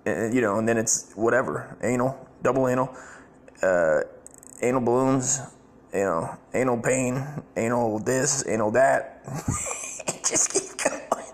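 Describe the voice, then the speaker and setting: A man's voice: mid-range voice, measured pace. A man giving crude comedic reaction commentary, blunt, rambling and full of profanity.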